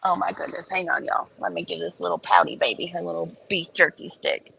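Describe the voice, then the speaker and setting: A woman's voice: on the low side, level tone, brisk, gravelly, pushed and bright, slightly rough, low-quality recording. A woman host on a phone livestream, sitting in her car, ranting bluntly and profanely. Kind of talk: casual livestream rant. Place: in a parked car in a school pickup line.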